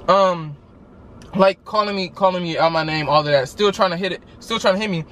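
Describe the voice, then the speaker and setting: A vlogger with a high voice tells a story casually while eating, at a moderate pace with a little hiss or hum in the audio. He is animated, acting out every quote, and his chat is loose and full of fillers.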